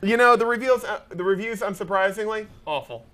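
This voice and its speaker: A man's voice: high-pitched, a little fast, pushed and bright, slight background noise. A man hosting a casual talk show, tired and chatty, laughing often and rambling with restarts. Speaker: show host. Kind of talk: casual chat.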